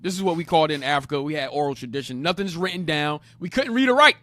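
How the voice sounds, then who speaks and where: This is a man teaching a Bible class with a high, animated voice that jumps all over its range. He explains each passage, repeats his main points with emphasis, and keeps cueing his reader. The recording is dry and close, with no room sound. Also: very fast, dry recording. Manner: emphatic, repeats key phrases. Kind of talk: interactive Bible lesson.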